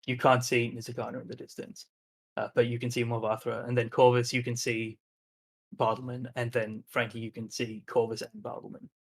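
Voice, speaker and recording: Male game master, flat even delivery, filler-heavy descriptive narration. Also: medium pitch, brisk. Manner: descriptive, hesitant, with frequent fillers.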